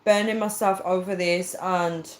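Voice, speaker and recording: A woman's voice: fairly low pitch, fairly even intonation, a little slow. A woman chatting casually on a livestream, telling a personal story and acting out the dialogue. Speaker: livestreamer reading viewer comments. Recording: roomy echo.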